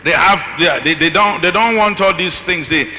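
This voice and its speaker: A middle-aged man speaking as a conference speaker, animated and acting out voices with asides to the audience. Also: high voice, moderate pace. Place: large conference hall. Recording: long hall reverb, faint noise.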